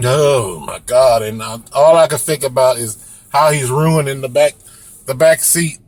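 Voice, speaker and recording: A young man, a rideshare driver, telling a story to camera in a casual, animated way and mimicking squeaky sounds. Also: moderate pace, no room sound.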